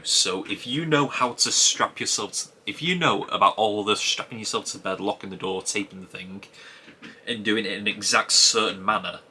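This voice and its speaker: Low, bright-voiced man musing aloud. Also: a little hiss or hum. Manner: musing aloud, rambling with frequent restarts. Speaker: TV episode reviewer. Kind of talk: casual spoken episode review.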